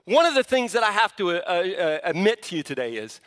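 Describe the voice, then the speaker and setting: A man's voice: sits high, big pitch swings, a little fast, fairly bright tone, in a large hall. A male pastor preaching a sermon with emphasis, often restarting his words mid-phrase.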